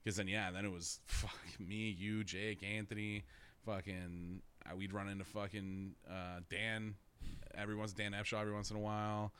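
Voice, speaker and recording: A man's voice: fairly low pitch, level tone, normal speed, fairly bright tone, smooth. A young man telling a rambling story in casual chat, swearing constantly and laughing through his own stories.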